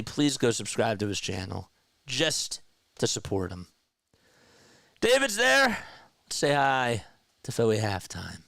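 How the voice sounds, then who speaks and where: A young man runs a fan play-by-play stream, moving between calling pitches and chatting with his viewers. His voice is smooth and resonant. It sounds dry and close, with no room around it. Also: a bit bright, no room sound. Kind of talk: casual live play-by-play commentary.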